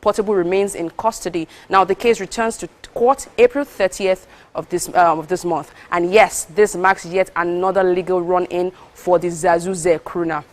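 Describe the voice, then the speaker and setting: A woman's voice: lowish voice, fairly even intonation. Woman co-hosting morning entertainment news. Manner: brisk news reading, chatty and teasing with co-host. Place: TV studio.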